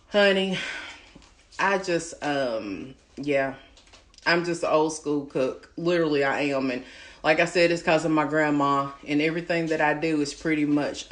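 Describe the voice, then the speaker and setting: A woman hosting a home cooking livestream from her kitchen, chatting in a folksy way and calling her listeners honey. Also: fairly low pitch. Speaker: home cooking show host. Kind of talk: casual livestream chat.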